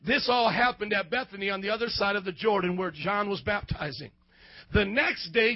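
High-voiced man preaching call-and-response. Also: fast, no room sound, lo-fi sound. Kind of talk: sermon.

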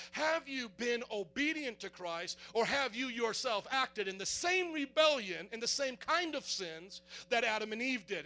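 A man preaching an energetic sermon to a congregation, animated and comic, acting out little scenes and raising his voice to a shout. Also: very high-pitched. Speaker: pastor. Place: church before a congregation.

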